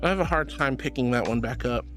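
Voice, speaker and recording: A man streaming as a VTuber from home on a headset mic, reading chat aloud and answering with affectionate, playful warmth. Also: medium pitch, quick pace, music in the background. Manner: affectionate and playful, calls viewers sweetheart.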